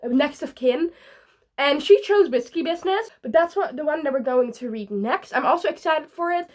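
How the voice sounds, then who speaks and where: A woman's voice: high voice, animated, moderate pace. A young woman chatting casually in a reading vlog, talking to the camera with lots of "like" fillers. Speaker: book vlogger.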